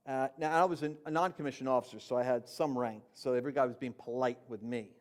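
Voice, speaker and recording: A man telling his conversion story in a conversational, animated way, jumping from loud emphatic bursts to quiet low asides. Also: fast talker, few pauses. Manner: conversational with fillers and slang. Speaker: Christian speaker. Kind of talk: personal testimony storytelling.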